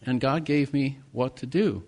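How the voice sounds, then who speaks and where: A man preaching a sermon as a pastor, telling a story and swinging from hushed, low passages to loud, urgent ones. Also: unhurried.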